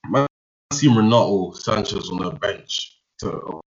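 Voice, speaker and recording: A man's voice: on the low side, lively intonation, slow pace, gravelly. A young man, chatting casually about football, analytical but slangy. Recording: dull lo-fi audio.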